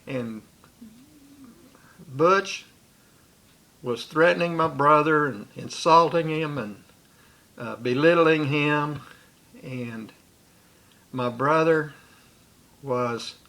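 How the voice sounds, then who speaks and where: A man's voice: on the high side, very slow, long pauses, bright, forceful tone. A man recounting a personal memory in a rambling way, with restarts and asides. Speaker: storyteller.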